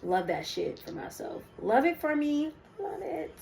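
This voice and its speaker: A woman's voice: high-pitched, big pitch swings, a little slow, creaky, darkish tone, rough recording. A young woman giving a casual spiritual card reading to her viewers, chatty and rambling with many ums and asides. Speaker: spiritual reader.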